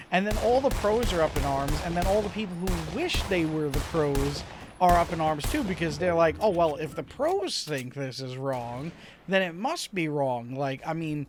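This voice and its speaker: A man with a fairly high voice talks through his gameplay in a loose, rambling way, chuckling now and then. He is a little stuffy from a slight cold. Faint gunfire sits under his voice. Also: noisy background. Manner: laid-back, rambling, chuckles to himself. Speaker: gaming video host. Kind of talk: casual commentary over gameplay.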